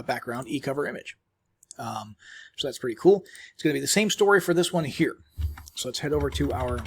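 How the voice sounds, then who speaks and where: A man presenting a screen-recorded software tutorial in a casual, rambling way, full of ums and restarts, chewing while he talks. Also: a little high, breathy edge.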